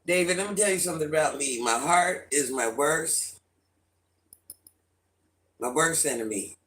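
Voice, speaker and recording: A middle-aged man hosts a casual livestream with a slightly high voice. He greets viewers by name, answers the chat and talks freely in an animated, chatty way. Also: unhurried. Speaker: livestream host.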